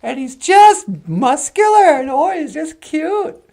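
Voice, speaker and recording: A woman's voice: high-pitched, expressive, slow, creaky, mellow. A woman rambling through a comedic story as a cartoon narrator, chatty and offhand. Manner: chatty and rambling, switching into character voices.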